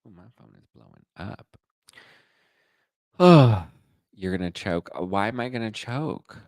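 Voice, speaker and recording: A man's voice: fairly low pitch, animated, measured pace, a little mellow, dry recording. A man hosting a casual live gossip chat, sassy and dishy, reading and reacting to viewer comments. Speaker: host.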